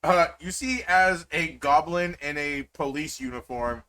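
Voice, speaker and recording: A man's voice: fairly high pitch, measured pace, bright, forceful tone. A man narrating as game master in a tabletop game, rambling and full of fillers.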